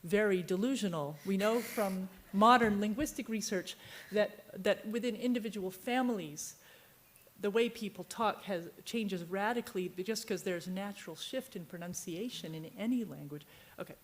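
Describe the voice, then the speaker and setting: At medium pitch and normal speed, a woman novelist from Virginia digresses through a long anecdote on a book fair panel, leaving a sentence unfinished.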